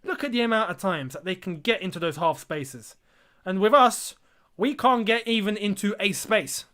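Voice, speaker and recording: At a moderate pace, a young man with a high, pushed, bright voice runs a live football watchalong. He reacts to the match in real time with incredulity and exasperation, commentating and addressing his viewers like lads.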